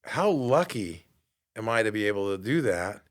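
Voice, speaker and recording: A fitness coach and podcast host in his fifties speaks at a normal speed in a lowish voice. His motivational monologue is animated, and he acts out quoted voices along the way.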